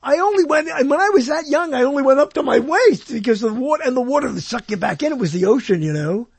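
A man with a high, sing-song voice and a slightly husky texture, chatting and joking with his co-host. His delivery is excitable and full of laughter. The sound is close and dry. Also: fast, no echo. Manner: animated, excitable, laughs often. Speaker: podcast co-host. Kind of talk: casual banter.

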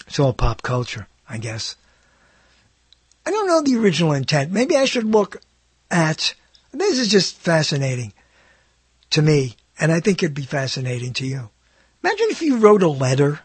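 An older man hosts his own show in a loose, rambling monologue that keeps doubling back on itself with wry asides. His voice sits a little high and has a husky edge, and the recording is dry and close with no room sound. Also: huge pitch swings, normal speed, pauses often, no echo. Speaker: host. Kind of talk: casual solo talk show monologue.

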